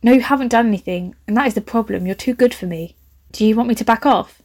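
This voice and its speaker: A moody young boyfriend, full of guilt and apology, as a woman reads him. The voice is lightly high and unshowy, and he talks quietly about not deserving his partner. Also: quick pace. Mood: sorry. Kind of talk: reading character dialogue.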